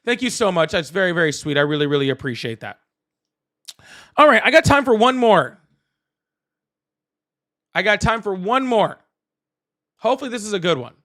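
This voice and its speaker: A man hosting a live political call-in stream, excitable and chatty, laughing often and thanking viewers at length. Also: sits high, normal speed, pauses often. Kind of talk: casual live-stream chat.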